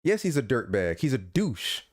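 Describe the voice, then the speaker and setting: Medium-pitched and speaking at normal speed, this man co-hosts a podcast with a loose, chatty feel. He tells stories with animation, rants in a playful way, and frequently repeats and restarts.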